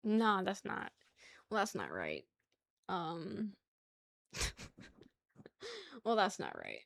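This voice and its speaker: A woman's voice: mid-range voice, wildly swooping pitch, drawn-out words, gravelly, pauses often, a bit bright, no echo, clean studio sound. A young woman from New York with a New York accent, chatting casually with her stream viewers, teasing them and laughing often.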